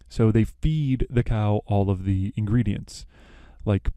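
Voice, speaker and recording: A man's voice: fairly low pitch, measured pace, warm tone, dry recording. A young man hosting a podcast, casually retelling a plot with lots of fillers and self-corrections. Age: young adult. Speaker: podcast host.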